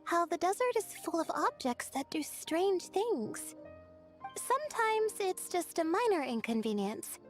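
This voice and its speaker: An actress voicing a shy, polite young female student who speaks softly and hesitantly, often stammering. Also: extremely high pitch, very animated, measured pace, soft background music, exaggerated voice. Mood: calm.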